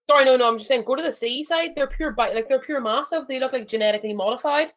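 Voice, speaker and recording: A woman's voice: high voice, fast talker. A woman co-hosting a casual fan podcast, self-deprecating and scatterbrained, laughing at herself and swearing freely. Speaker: podcast co-host. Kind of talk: casual chat.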